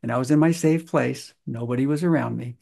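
A man's voice: mid-range voice, a little fast, vocal fry, a little mellow. A middle-aged man in a casual interview, telling stories in a folksy, earnest way and stretching out words for emphasis. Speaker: guest, stress-release practitioner.

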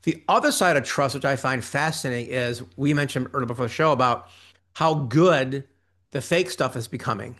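A man talking as a guest on an interview show, animated and quick, acting out quoted reactions in between. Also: medium pitch. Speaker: interview guest, ghostwriting business owner. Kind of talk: conversational interview.

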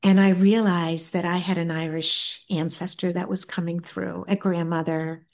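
A middle-aged woman, an author and guest, tells a personal story in a soft, earnest way, often stopping and restarting her sentences. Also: lowish voice, little pitch movement. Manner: soft-spoken, earnest, halting with many restarts.

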